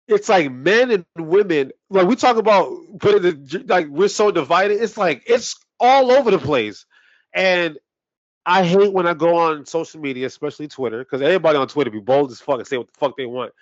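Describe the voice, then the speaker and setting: A man's voice: a little high, lively intonation, fairly quick, dry recording, lo-fi sound. A man co-hosting a sports podcast, ranting heatedly with heavy swearing in casual talk. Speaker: podcast co-host.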